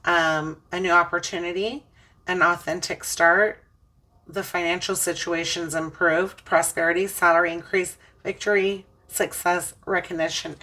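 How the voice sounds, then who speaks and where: Low-voiced woman giving an earnest tarot reading. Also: fairly even intonation, unhurried, pushed and bright, far from the mic. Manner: earnest, preachy, emotional. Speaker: tarot reader. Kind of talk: emotional spiritual tarot reading.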